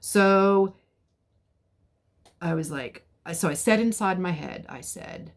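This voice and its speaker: A middle-aged woman with a fairly low voice tells a personal story. Her telling is casual and animated, and she sometimes drops to a hushed whisper to build suspense. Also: takes it slowly, long pauses.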